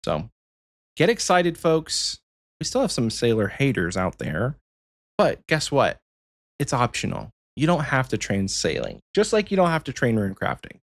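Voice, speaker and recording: A man hosting a casual podcast chat, animated and playful, teasing his co-host. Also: medium pitch, normal speed, no room sound.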